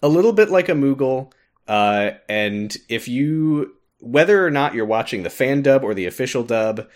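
A man's voice: medium pitch, expressive, moderate pace. A man co-hosting a podcast, chatting casually as he recaps a game's story with frequent laughs and filler words. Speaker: podcast co-host explaining a game story. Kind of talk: casual chat.

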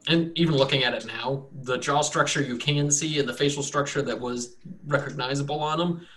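A man's voice: mid-range voice, a little fast, a bit bright. A man narrating as game master in a loose, joking way. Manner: loose, joking, filler-heavy.

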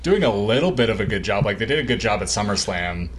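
Low-voiced man in casual wrestling chat. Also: lively intonation, quick pace, breathy edge. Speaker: podcast co-host.

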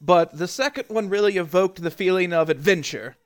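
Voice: medium pitch, a little fast, clean tone. A tabletop player speaking in character, genial and diplomatic, with hesitant fillers.

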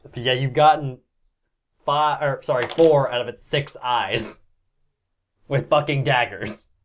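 A man's voice: medium pitch, fairly even intonation, a little slow, slight background noise. A man narrating as game master, casual and joking, swearing now and then and laughing along with the players.

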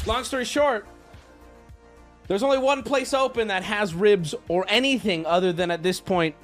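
A man's voice: sits high, moderate pace, fairly bright tone, soft background music. A man in his thirties telling casual stories on his stream, swearing and laughing at himself.

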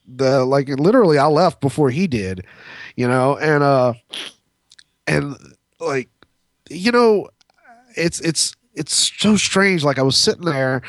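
A man's voice: medium pitch, no room sound, clean studio sound. A man co-hosting a podcast, telling a long story in a rambling, profane way, full of fillers and restarts. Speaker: podcast co-host. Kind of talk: casual storytelling chat.

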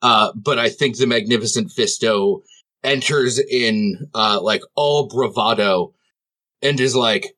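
A man's voice: mid-range voice, takes it slowly, pushed and bright. A man playing a tabletop game, describing scenes in a rambling way with lots of fillers. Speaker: player.

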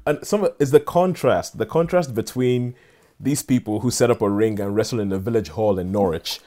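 A man's voice: lowish voice, dark tone. An enthusiastic man reviewing a film in casual chat, often restarting his sentences. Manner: enthusiastic, halting with many restarts.

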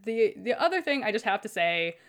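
Chatty woman with animated voice swings. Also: brisk. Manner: animated, acts out quoted lines with pitch jumps and laughs. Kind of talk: casual chat.

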